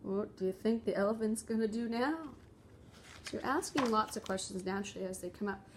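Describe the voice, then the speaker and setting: A woman giving reading tips as a parent, talking warmly and switching into playful voices for the story. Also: mid-range voice, brisk, slight background noise. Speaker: parent teaching reading at home. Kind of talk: instructional talk with expressive read-aloud.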